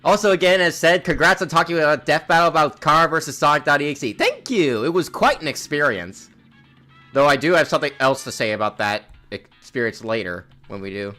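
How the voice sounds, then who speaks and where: A man's voice: fairly high pitch, expressive, a little fast, bright, forceful tone, soft background music. A young man streaming a game in casual chat, rambling and restarting his words, with a slightly sore throat. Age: young adult.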